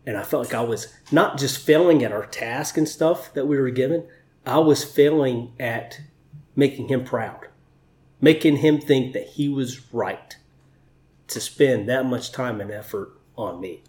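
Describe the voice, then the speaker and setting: A man's voice: mid-range voice, a little slow, a little mellow. A candid, swearing man in a roomy room. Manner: candid, emotional, swears freely. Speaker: interview guest, Navy chief. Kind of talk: conversational storytelling. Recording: roomy echo.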